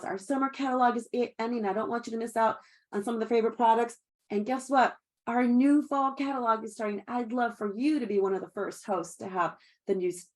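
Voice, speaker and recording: A middle-aged woman coaching direct sellers in an upbeat, chatty way, laughing often and acting out sample calls. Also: on the high side. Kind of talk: sales training talk.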